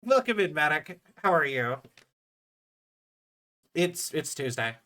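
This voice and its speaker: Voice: mid-range voice, sing-song, slow pace, bright, forceful tone. A livestreamer chatting casually to viewers, rambling with lots of fillers and restarts. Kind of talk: casual live-stream chat.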